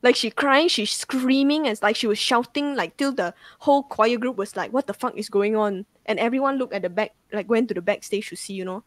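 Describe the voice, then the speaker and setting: A woman's voice: fairly high pitch, fairly quick, hardly any pauses, no room sound. A young woman tells a ghost story casually, rambling with lots of "like" and swearing. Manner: rambling, full of "like" fillers and swearing.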